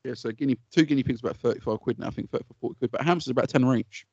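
Bloke rattling off stories quick, lots of swearing, dry dull sound. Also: male voice, medium pitch, slightly rough, no room sound. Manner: swears freely, animated storytelling with put-on quotes. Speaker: podcast co-host. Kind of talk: casual chat.

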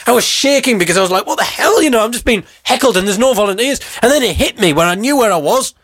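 A man hosting a comedy podcast, telling a story about himself in an animated, self-mocking way. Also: sits high, quick pace. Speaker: podcast host. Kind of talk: comic storytelling.

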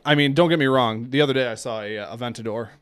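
A man's voice: mid-range voice, quick pace, fairly bright tone, smooth, no echo. A man in an easygoing podcast chat, wandering through car news with loose jokes and frequent laughs. His voice sits in a middling register and is recorded dry and close, with no room around it. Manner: joking, rambling, laughs often. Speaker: podcast co-host. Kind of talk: casual chat.

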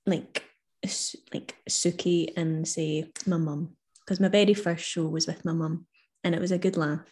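Reflective young woman, mellow voice. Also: low-pitched, steady tone, unhurried. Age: young adult. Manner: warm, reflective, laughs easily, lots of "like". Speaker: guest. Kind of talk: casual chat.

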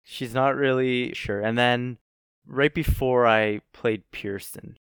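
A man's voice: mid-range voice, steady tone, slow, fairly bright tone, smooth, no echo, clean studio sound. A man co-hosting a podcast, chatting casually, laid-back, laughing often and swearing freely. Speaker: podcast co-host. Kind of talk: casual chat.

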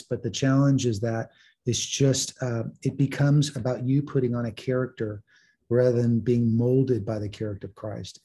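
A man hosts an interview with a mellow, husky voice. He reflects on and summarizes his guests' points at a measured pitch. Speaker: host. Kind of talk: interview conversation.

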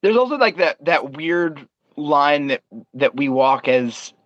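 A man's voice: a little high, expressive, takes it slowly, dry recording. Thoughtful man, dull lo-fi sound. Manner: reflective, repeats words as he thinks. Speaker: bar worker, co-host. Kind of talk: casual podcast chat.

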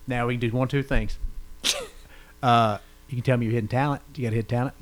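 A man's voice: mid-range voice, steady tone, quick pace, low-quality recording. Laid-back man hosting. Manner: laid-back, chatty, laughs often. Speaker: podcast host. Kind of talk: casual interview chat.

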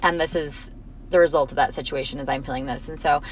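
Animated woman telling stories in a chat. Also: deep voice, fast, a little hiss or hum, poor audio. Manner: animated storyteller, acts out quotes. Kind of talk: casual conversational chat.

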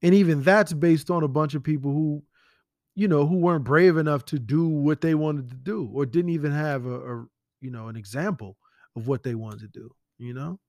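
A man's voice: on the high side, normal speed, a little mellow, no room sound, clean studio sound. A man hosting a casual commentary podcast, blunt and profane, firing rhetorical questions at the listener. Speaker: podcast host.

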